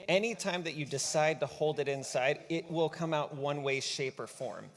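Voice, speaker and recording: A man's voice: a little high, normal speed. A man speaking at a church conference in an easygoing, conversational way. He often acts out quoted inner dialogue. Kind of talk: conversational stage talk. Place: church auditorium. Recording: long reverb of a large hall.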